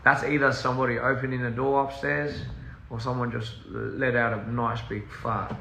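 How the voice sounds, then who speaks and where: A man talking loosely to his viewers over a phone livestream, drifting off topic and laughing at himself as he switches between English and Korean. His voice is bright with a gravelly edge. The sound is roomy and echoey, with a faint hum of ambience behind him. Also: medium pitch, little pitch movement, moderate pace. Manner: rambling, easily sidetracked, laughs often; mixes in Korean and scraps of other languages. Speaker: recording artist on a livestream. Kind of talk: casual livestream chat with viewers. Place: in a house.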